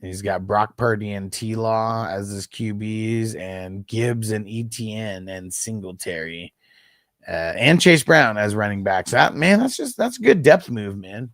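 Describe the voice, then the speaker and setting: Gravelly man hosting a casual live stream. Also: on the low side, unhurried, fairly bright tone, no room sound, clean studio sound. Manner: casual, laughing, profane, chatty. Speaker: fantasy football livestream host.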